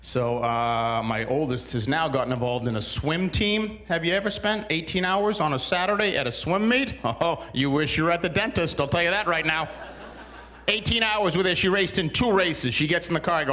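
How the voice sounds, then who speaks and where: Exasperated stand-up comic with a bright voice. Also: male voice, on the high side, expressive, moderate pace. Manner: dry, exasperated storytelling with punchlines. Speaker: stand-up comedian. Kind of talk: stand-up comedy routine. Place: small TV studio stage.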